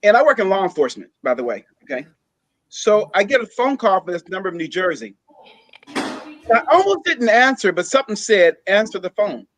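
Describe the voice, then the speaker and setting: High voiced guy telling his story slow and halting, dead dry sound. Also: big pitch swings, fairly bright tone, dry recording, rough recording. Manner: halting, with frequent pauses and fillers. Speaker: guest sharing a personal story. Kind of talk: personal storytelling.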